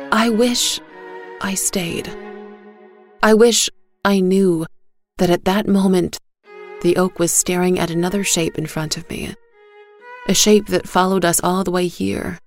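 A woman tells a first-person story in a measured, gentle reading voice. Her pace is very slow and her voice has a gravelly fry, pitched on the low side. Faint violin music plays underneath.

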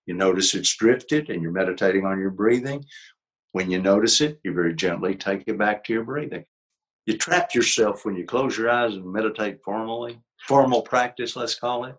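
A man's voice: fairly low pitch, fairly bright tone, poor audio. An older man, a psychologist guest, explaining ideas in a reflective, emphatic teaching tone during an interview. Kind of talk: conversational interview.

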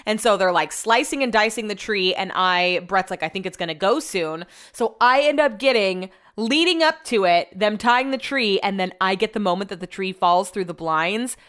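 A woman's voice: mid-range voice, lively intonation, a bit bright. A young woman hosting a podcast, telling everyday stories in a casual, rambling way with frequent laughs. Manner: chatty, rambling, quick to laugh. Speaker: podcast host. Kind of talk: casual solo chat.

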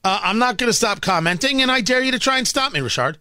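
A man's voice: extremely high pitch, lively intonation, quick pace, sharp tone, clear, resonant tone, dry recording, studio quality. A male talk radio host delivering a combative, ranting opinion monologue, often stumbling and repeating words.

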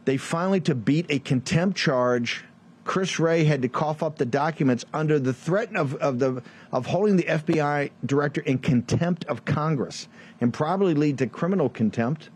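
A man's voice: fairly high pitch, moderate pace, husky. A man from Virginia hosting a show, delivering a combative political commentary monologue full of rhetorical questions and mocking asides. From Virginia, USA. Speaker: show host.

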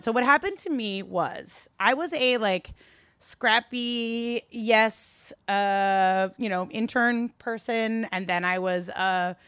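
A woman giving a candid, animated talk to a live audience, swearing freely and rising into a high register when worked up. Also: clean tone, no echo. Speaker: speaker addressing a live audience.

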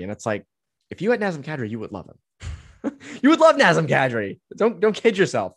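A man in his twenties with a higher voice, wildly swooping pitch, and a breathy edge talks at a moderate pace on his sports podcast. He thinks aloud through hockey team analysis in a loose way, filling gaps with filler words, in clean studio sound without room sound.

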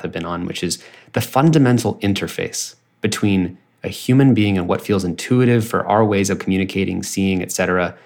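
Middle-aged male host, low gravelly voice, rapid long sentences. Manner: quick, builds long winding sentences. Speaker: podcast host. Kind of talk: conversational interview.

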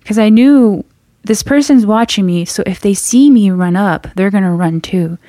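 Woman hushing a true scary story. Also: mid-range voice, dry recording, clean studio sound. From Navajo Nation, US Southwest. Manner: drops to a hushed whisper for tense moments; halting restarts, builds suspense. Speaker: guest storyteller.

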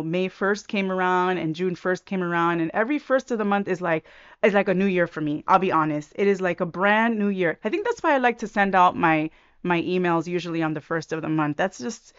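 A woman's voice: on the low side, fairly quick, fairly bright tone, clear, resonant tone, muffled recording. A woman hosting a Christian podcast in a casual solo chat, effusive and gushing, often restarting her sentences.

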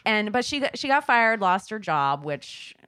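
Animated woman podcast host, dry sound. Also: medium pitch, moderate pace, clear, resonant tone, no room sound. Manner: animated, swears freely. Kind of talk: casual podcast chat.

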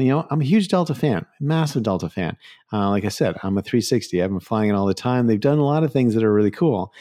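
A man in his forties tells a travel story in a casual, rambling monologue. His voice sits a little low, and he restarts often, tossing in fillers and small laughs as he goes. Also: dark tone, no room sound, clean studio sound. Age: 40s. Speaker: podcast host.

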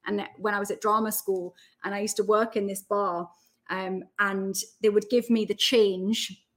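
A woman in her thirties with a Geordie accent, chatting as a podcast guest in a lively, storytelling way full of fillers. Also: medium pitch, moderate pace. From Newcastle, England. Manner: chatty, animated storytelling with lots of "like". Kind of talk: casual chat.

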